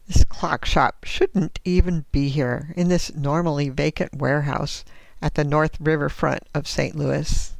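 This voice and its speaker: A woman reading aloud her own short story in first-person narration, measured and deliberate. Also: deep voice, gravelly, dry recording.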